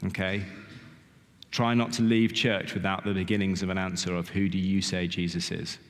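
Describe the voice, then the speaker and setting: A man's voice: low-pitched, level tone, moderate pace. A middle-aged man giving a sermon in a church, talking in a conversational way, often asking "okay?" and saying "kind of". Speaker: lay preacher. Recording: long reverb of a church hall.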